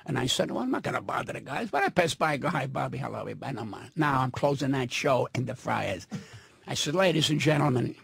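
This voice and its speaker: Gravelly, profane older man ranting. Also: mid-range voice, lively intonation, fairly quick, no echo. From New York. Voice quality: gravelly, husky. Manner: profane, loud, ranting, swings from mutter to shout. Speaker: guest comedian. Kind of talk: brash storytelling on a radio show. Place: radio studio. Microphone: studio mic.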